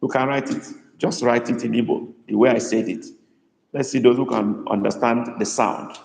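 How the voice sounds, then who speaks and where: A man teaching a live online language class, patiently repeating phrases slowly for his students. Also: medium pitch, fairly even intonation, gravelly, a little mellow. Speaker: Igbo language tutor. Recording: echoey room with long reverb.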